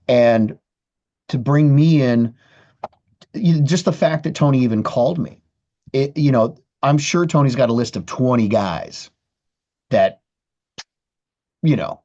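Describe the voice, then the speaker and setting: A man's voice: medium pitch, animated, a little slow, pauses often, warm tone, dull audio. A man, a guitarist guest in a casual interview, talking candidly with frequent restarts and swearing. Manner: candid, profane, many restarts.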